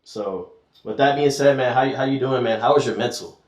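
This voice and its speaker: A man's voice: mid-range voice, a little fast, darkish tone. A man hosting his interview show, laid-back and friendly, with a lot of casual slang. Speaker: podcast host. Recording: echoey room.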